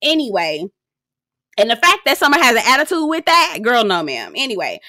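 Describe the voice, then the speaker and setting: A woman, sassy and animated, recapping a reality show in a casual vlog, swearing freely. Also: fairly quick, no echo, studio quality. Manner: sassy, animated, swears freely, slips into high-pitched impressions.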